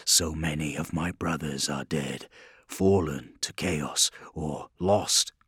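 A man voicing a stern, battle-weary male warlord in an audiobook, deep and grave in thought, loud and high when rallying troops. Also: takes it slowly, slightly rough, no echo, studio quality, heavily acted. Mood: grim brooding.

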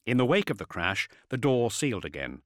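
A man reading a novel aloud as narrator, measured and expressive, sinking to a hushed intensity. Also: medium pitch, no echo, studio quality. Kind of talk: audiobook narration.

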